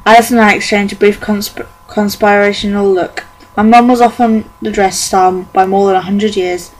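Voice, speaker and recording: A woman's voice: medium pitch, fairly even intonation, normal speed, a little mellow, low-quality recording. Young woman reading a fan audiobook. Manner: earnest, with occasional stumbles and restarts. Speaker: amateur audiobook reader. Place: bedroom at home.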